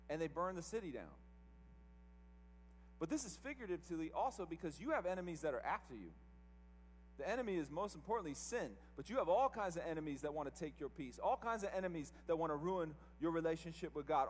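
A man delivers an emphatic sermon, his voice sitting high for a man. He keeps asking the congregation rhetorical questions. The church echoes long behind him, over a faint hum. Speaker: pastor. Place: church service.

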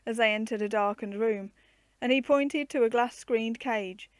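A woman narrating a classic children's book aloud in a gentle, clear storytelling manner. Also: on the high side, moderate pace, dry recording.

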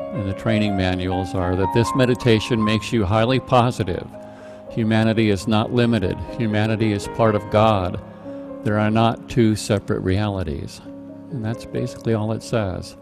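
A middle-aged man teaching a live online meditation class, calmly explaining a chant with patient, halting restarts. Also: on the low side. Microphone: video call microphone.

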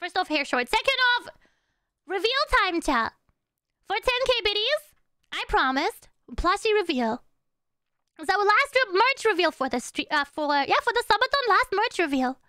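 A woman's voice: extremely high pitch, big pitch swings, normal speed, sharp tone, no echo, studio quality. A woman live-streaming in casual chat, greeting and thanking viewers one by one and humming little nonsense syllables between sentences.

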